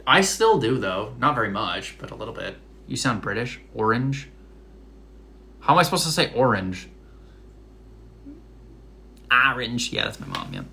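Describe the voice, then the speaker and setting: Chatty young man, bright tone, Rhode Island accent. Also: on the low side, huge pitch swings, quick pace, creaky, a little hiss or hum. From Massachusetts. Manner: chatty, many likes and fillers. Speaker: live streamer. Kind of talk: casual live stream chat. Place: home kitchen.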